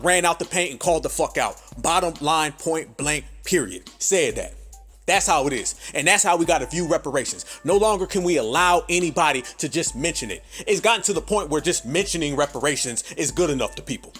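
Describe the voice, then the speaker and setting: A man's voice: fairly high pitch, fairly bright tone. A podcast host ranting hard and profanely, calling his listeners family as he drives each point home. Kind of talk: ranting commentary.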